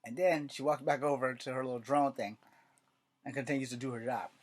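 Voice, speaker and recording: A man hosting his own casual vlog, chatting through a story draft in a loose, rambling way. He swears often and speaks at a middle pitch. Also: fairly even intonation, fairly quick. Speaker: writer and channel host.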